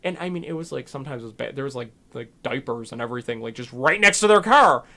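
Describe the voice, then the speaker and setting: A man's voice: mid-range voice, lively intonation, quick pace, sharp tone. A man, co-hosting a casual chat and rambling with many ums and restarts. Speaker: podcast co-host.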